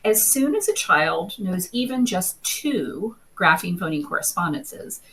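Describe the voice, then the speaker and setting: Husky-voiced woman explaining reading fluency. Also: medium pitch, poor audio. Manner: clear explanatory teaching, steady and measured. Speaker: literacy researcher presenting a webinar. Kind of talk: webinar presentation.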